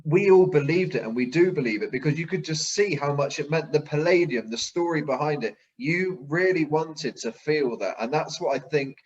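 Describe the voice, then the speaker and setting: A man's voice: a little high, animated, normal speed, few pauses. A man hosting an interview, asking earnest and complimentary questions. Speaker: show host, interviewer. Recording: dull lo-fi sound.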